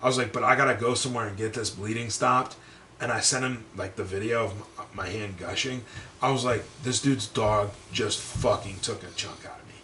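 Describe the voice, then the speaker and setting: A man's voice: on the low side, brisk. Young guy podcaster telling a story, lots of swearing, acts out the quotes, kinda far from the mic in an echoey room. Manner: profane, animated, acts out quotes. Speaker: podcast co-host. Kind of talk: casual storytelling chat. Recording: roomy echo, set back from mic, faint background noise.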